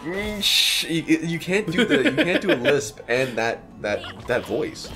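A man's voice: on the high side, huge pitch swings, measured pace, pushed and bright, soft background music. A young man casually commentating a video game with a friend, joking, teasing, and swearing freely. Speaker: let's play co-host.

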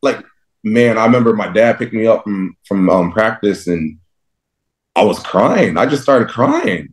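A young man from Texas, a pro linebacker, telling stories in a casual interview, lively and laughing often as he acts out his younger self. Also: lowish voice, measured pace. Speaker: guest, professional football linebacker.

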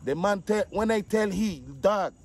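A man, animated casual storytelling, acting out the voices of the people in his story. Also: high-pitched, measured pace. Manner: animated, acts out quotes, repeats 'dog'.

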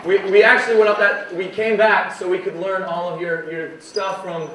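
A man's voice: high-pitched, little pitch movement, normal speed, bright, forceful tone, slight background noise. A young man playing along in a stage comedy skit, mock-serious and playful. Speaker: student performer in a comedy skit. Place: school auditorium stage. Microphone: far from the mic. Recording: echoey hall from far off, faint crowd.

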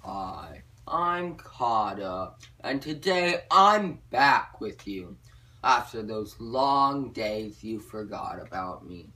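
A young man giving joking advice in a rambling, deadpan comedy vlog, a little away from the mic. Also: on the low side, far from the mic. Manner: deadpan, rambling, drawn-out delivery. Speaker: vlogger giving joke advice.

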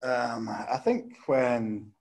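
A man's voice: mid-range voice, drawn-out words, a little mellow. A man, a startup co-founder, talking enthusiastically in a casual webinar and repeating words as he thinks aloud.

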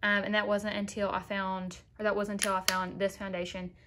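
A woman's voice: mid-range voice, little pitch movement, fairly quick, noisy background. A young woman talking casually to viewers in a makeup tutorial, chatty and sassy, calling them girl. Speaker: beauty vlogger.

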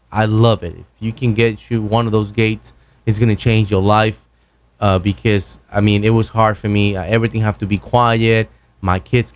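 Man, casual mic review, rambling, self-correcting, enthusiastic, close broadcast mic, home studio. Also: on the low side. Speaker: podcaster reviewing microphones. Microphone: broadcast dynamic mic, close.

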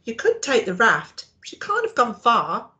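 A woman's voice: on the high side, huge pitch swings, unhurried, bright, forceful tone, lo-fi sound, pitched above the performer's own voice, full character voice. A woman voicing Wilfred, a brave, helpful young boy mouse in a storybook. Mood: urgent.

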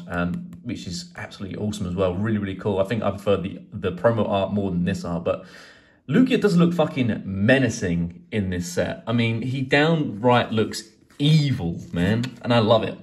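A man chatting casually as he opens card packs, swearing and rambling excitedly. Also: fairly low pitch, moderate pace. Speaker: card collecting YouTuber. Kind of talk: casual pack-opening vlog.

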